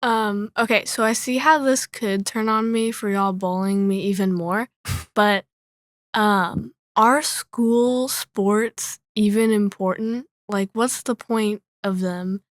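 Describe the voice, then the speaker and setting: A teenage girl joining her parents' podcast, talking softly and a bit hesitantly. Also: mid-range voice, fairly even intonation, takes it slowly, no room sound, studio quality. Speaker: guest, daughter of the hosts. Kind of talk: casual chat.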